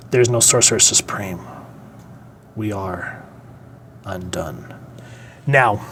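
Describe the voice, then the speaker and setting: A man talks through a comic book review in a loose, rambling style, full of fillers. His pitch sits in an ordinary middle range. A faint noise runs underneath. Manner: rambling, conversational, with many fillers. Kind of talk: casual video review.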